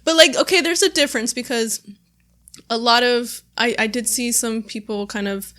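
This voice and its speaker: A woman's voice: fairly high pitch, moderate pace, sharp tone. A young woman hosting a podcast, chatting casually, full of "like" and laughs. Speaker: podcast host. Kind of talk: casual chat.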